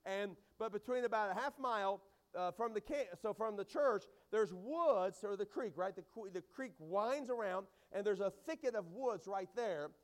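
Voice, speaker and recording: A middle-aged man preaching to a church congregation in a high, strained voice. He talks loud and energetic, rambling through stories with frequent restarts. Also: moderate pace, few pauses. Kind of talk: sermon with storytelling. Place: church hall.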